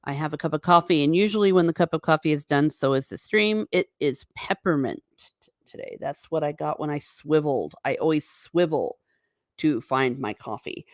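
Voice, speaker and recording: A woman hosting a casual livestream from home, chatting with viewers in a wandering way and breaking off into quick asides to herself. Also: low voice, no room sound, clean studio sound. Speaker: livestream host.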